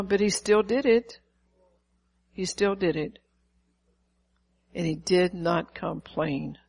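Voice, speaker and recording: An older woman pastor preaching a sermon, lively, asking the congregation questions and acting out quotes. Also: lowish voice, rough recording.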